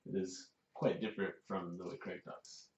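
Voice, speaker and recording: A man's voice: sits low, flat delivery, normal speed. A man co-hosting a casual podcast, telling laid-back stories and laughing easily. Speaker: podcast co-host. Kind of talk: casual chat. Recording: roomy, distant, dull, faint hiss.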